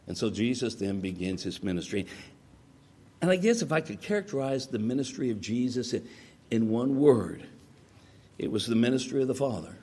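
A man preaching a sermon, retelling stories with lively acted-out voices and frequent stammered restarts. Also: on the low side, normal speed, husky. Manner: animated storytelling, acts out quoted voices, stammering restarts.

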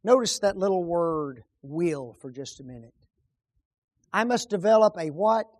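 A man preaching a sermon, swinging between loud emphatic peaks and hushed low asides, and asking the congregation rhetorical questions. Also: lively intonation, a little slow.

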